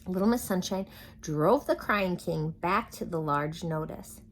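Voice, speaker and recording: A woman reading a storybook aloud to children in a slow, expressive way. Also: fairly low pitch, slight background noise.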